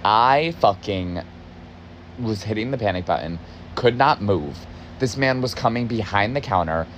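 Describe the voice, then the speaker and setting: A man's voice: fairly low pitch, expressive, unhurried, slight background noise. A young man telling a story in a casual, agitated way, cursing often for emphasis. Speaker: podcast host, former barista.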